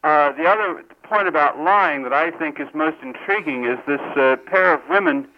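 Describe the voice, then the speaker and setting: A man with a slightly raised voice, calling in to a radio show over a dull, muffled line. He speaks haltingly, with many pauses and fillers, as he tells an anecdote. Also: a little high. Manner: halting, frequent uhs. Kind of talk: call-in radio chat. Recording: dull, muffled phone-call audio.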